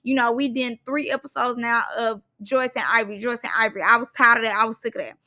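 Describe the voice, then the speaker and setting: A woman's voice: on the high side, fast, sharp tone. A young woman giving a chatty, slangy recap of a reality show, acting out quotes as she goes. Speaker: reality TV reviewer. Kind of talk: casual recap commentary.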